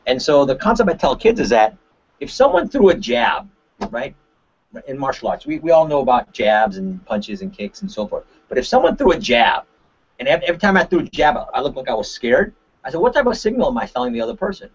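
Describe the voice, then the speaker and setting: A man, a martial arts instructor, giving a webinar talk with lively examples and frequent "right?" tag questions. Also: fairly high pitch, a little fast, slightly rough. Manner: animated, acts out examples with shifting voices. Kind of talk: webinar presentation. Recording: dull lo-fi webinar audio.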